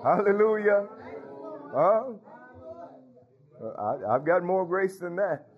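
High-voiced preaching pastor, slow. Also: male voice, animated, dull audio. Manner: call-and-response preaching with frequent hallelujahs. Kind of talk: sermon.

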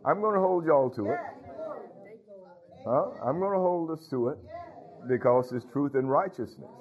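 A man's voice: medium pitch, highs cut off. A man preaching as a pastor, calling out to his congregation with frequent hallelujahs. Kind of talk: sermon.

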